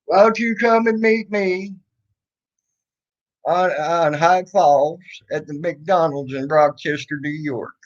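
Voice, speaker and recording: A man hosts a casual livestream, his fairly high voice drawling slowly through sarcastic taunts and stumbling restarts. The sound is dull and lo-fi, like cheap stream audio. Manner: mocking, sarcastic, rambling with restarts. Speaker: livestream host.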